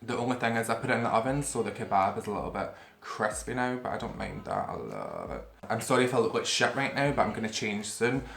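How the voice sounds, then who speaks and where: A man's voice: medium pitch, very animated, fast, gravelly, hardly any pauses, fairly bright tone, echoey room. A man vlogging casually to camera while he eats, rambling and swearing freely as he talks. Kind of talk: casual eating-show chat to camera. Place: room at home. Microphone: camera facing him.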